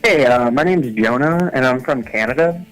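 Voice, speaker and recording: A man's voice: medium pitch, animated, moderate pace, a bit bright, soft background music, rough recording. A man calling into a comic call-in show, asking his question hesitantly with many ums. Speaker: caller.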